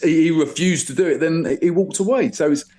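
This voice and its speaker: A man's voice: fairly high pitch, a little fast, dark tone. A man in a casual group discussion, telling a story emphatically. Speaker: guest.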